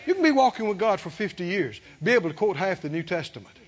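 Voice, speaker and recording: High, fervent preacher man. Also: big pitch swings, fast talker. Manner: fervent, rising to emphatic shouts. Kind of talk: sermon. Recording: dull lo-fi sermon recording.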